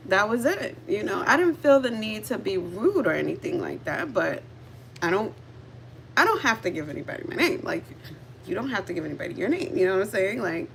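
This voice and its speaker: A woman's voice: mid-range voice, slight background noise. A woman livestreaming from her car, telling a story in a casual, chatty way, laughing often and speaking straight to her viewers. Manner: laughs often, giggly and animated; chatty, addresses viewers directly. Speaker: livestream host.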